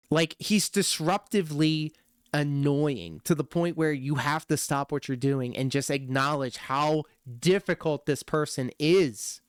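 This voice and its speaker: A man's voice: a little high, takes it slowly, smooth, no echo. Sarcastic male streamer, dry close sound. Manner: sarcastic, laughs often. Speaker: streamer reacting to videos. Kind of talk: casual reaction commentary.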